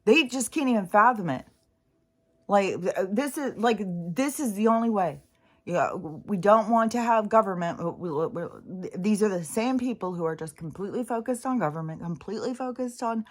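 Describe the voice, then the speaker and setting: A woman's voice: medium pitch, animated, moderate pace. A woman vlogger in an exasperated, profane ranting monologue, swearing often and mocking other people's voices.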